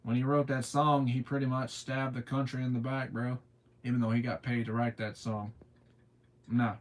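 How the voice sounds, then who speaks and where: A man's voice: medium pitch, level tone, normal speed. Laid-back Southern streamer man. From southern United States. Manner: laid-back, drawling, answers chat comments with frequent laughter. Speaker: livestreamer. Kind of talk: casual live stream chat.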